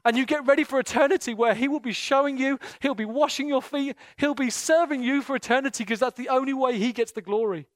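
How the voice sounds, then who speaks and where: A man preaching an impassioned sermon and leading prayer in a church, his delivery swinging between hushed intensity and loud, fervent bursts. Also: very high voice, fast talker, hardly any pauses, dry recording, clean studio sound. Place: church meeting room.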